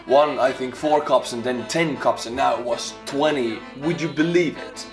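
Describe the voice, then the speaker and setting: An Estonian man with an Estonian accent, a native Estonian speaker, giving animated, casual reaction commentary in English. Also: medium pitch, normal speed, over music. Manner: animated, exclaiming, laughing. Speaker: YouTuber reacting to a video.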